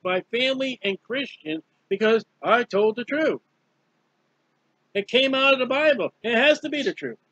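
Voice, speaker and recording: Man, high-pitched, fervent repetitive preaching, lo-fi recording. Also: sharp tone, dry recording. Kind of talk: Bible study sermon. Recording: dull lo-fi dry recording.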